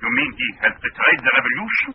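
Jittery scholar spy asking anxious questions, old radio drama, thin phone-like sound with hiss. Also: male voice, extremely high pitch, big pitch swings, fast, creaky, exaggerated voice. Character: nervous male professor, foreign secret agent. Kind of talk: 1950s radio acting.

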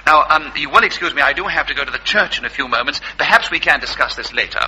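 A flustered, genteel vicar. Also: male voice, on the high side, animated, fast talker, pushed and bright, a little hiss or hum, rough recording. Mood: earnest sermonizing. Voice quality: genteel, formal, apologetic. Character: polite, flustered, long-suffering male vicar. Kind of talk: sketch comedy acting.

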